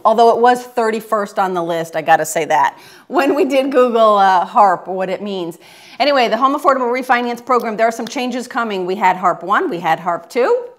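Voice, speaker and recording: A woman co-hosting a local mortgage TV show, teasing her partner and explaining a refinance program with frequent laughs. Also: medium pitch. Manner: laughs often, upbeat and teasing. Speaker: real estate and mortgage TV show co-host. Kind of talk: scripted TV banter and explainer.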